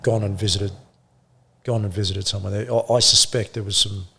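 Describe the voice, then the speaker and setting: A middle-aged man, a former police officer, telling his story in an interview with blunt swearing and halting restarts. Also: lowish voice, fairly even intonation, gravelly, bright, forceful tone, husky. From Australia.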